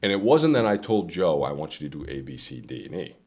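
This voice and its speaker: A man's voice: very animated, brisk, darkish tone, breathy edge. A man hosting a casual business podcast, telling workplace stories and acting out quotes in a raised voice. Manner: storytelling, acts out quotes in a higher voice, repeats himself. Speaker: podcast host, business owner.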